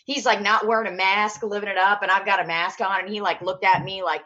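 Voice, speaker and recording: A woman hosting a podcast in casual chat, telling animated stories and swearing freely. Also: medium pitch, fairly quick, dull audio. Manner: chatty storyteller, swears freely, animated retelling. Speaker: podcast host.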